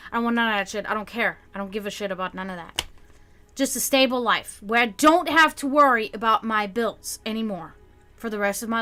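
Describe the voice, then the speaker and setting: A woman's voice: on the high side, pushed and bright. A young woman hosting a livestream, talking casually to her chat and ranting in frustration with frequent swearing. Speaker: livestream host.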